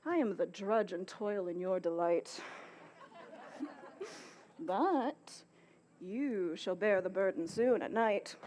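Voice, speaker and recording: A woman's voice: mid-range voice, lively intonation, slow pace, long pauses, a little mellow, slight background noise. A woman playing an older, bawdy, complaining nurse in an outdoor Shakespeare performance, with theatrical groans and exclamations. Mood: teasing. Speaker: stage actor.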